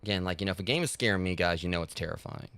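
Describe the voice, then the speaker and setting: Fast-talking deep-voiced male streamer. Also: bright, forceful tone, dry recording. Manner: rambling, heavy with fillers like "like" and "you know". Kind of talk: casual gaming livestream talk.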